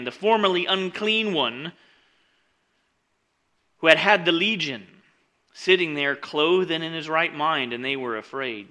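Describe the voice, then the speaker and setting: Bright-toned casual preacher man. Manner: conversational, with frequent "like" and "right?" asides; swings between loud emphatic reading and quiet lowered asides. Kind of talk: casual sermon, reading and explaining scripture.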